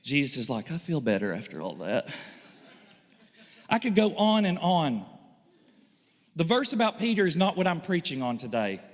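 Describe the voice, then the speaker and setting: Animated preaching man in reverberant church. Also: high voice. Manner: animated, joking, acts out quoted voices. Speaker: pastor. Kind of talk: sermon. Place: church hall.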